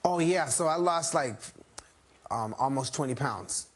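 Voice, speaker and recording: A man's voice: a little high, expressive, unhurried, noisy background. A man, a musician guest, joking loosely on a talk show. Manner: laid-back, loose, joking. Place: TV studio.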